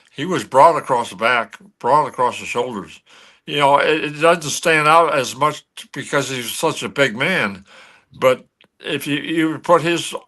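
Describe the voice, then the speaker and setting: An older man telling a story with a bright, forceful edge to his voice. He talks in an animated way, often stumbling and restarting mid-sentence, like a former athlete swapping old memories on a sports show. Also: mid-range voice. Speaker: guest, former pro athlete.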